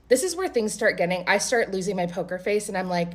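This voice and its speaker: A young adult woman vlogger telling a casual story in a blunt, animated way, swearing freely. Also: mid-range voice, fast.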